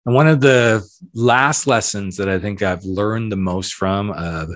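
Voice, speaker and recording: A candid man in his late fifties from the American South, his accent showing now and then as he muses on his podcast. His voice sits a little low and is recorded dry and close, with no room around it. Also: moderate pace, no room sound. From southern United States. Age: 50s. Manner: candid, conversational, emphatic repetitions. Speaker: podcast host. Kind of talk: reflective podcast monologue.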